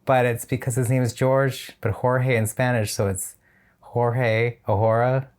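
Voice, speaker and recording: A man's voice: medium pitch, flat delivery, unhurried, a little mellow. A man reviewing a drag competition show in a casual, chatty reaction style, with opinionated and slightly shady asides.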